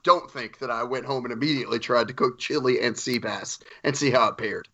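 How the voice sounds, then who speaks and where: A man's voice: mid-range voice, a little fast, sharp tone. A man co-hosting a podcast, joking in a sarcastic, profane way in casual banter. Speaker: podcast co-host. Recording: dull lo-fi mic.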